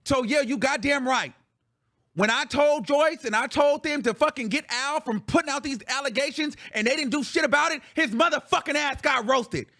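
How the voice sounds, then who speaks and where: High, bright-voiced man ranting furiously. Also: moderate pace. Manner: profane, heated venting with repeated phrases. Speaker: show host. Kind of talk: angry reaction rant.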